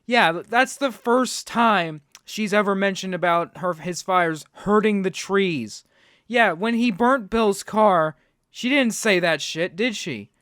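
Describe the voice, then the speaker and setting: A man's voice: high-pitched, takes it slowly, a bit bright, no room sound, studio quality. A man hosting a reaction video, talking sarcastically and ranting at what he watches. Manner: sarcastic, ranting, mocks with put-on quotes. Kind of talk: reaction commentary.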